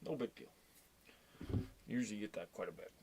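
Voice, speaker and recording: A man's voice: on the low side, moderate pace, creaky, noisy background. Blunt, profane man telling a road story. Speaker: tow truck driver. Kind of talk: casual storytelling rant.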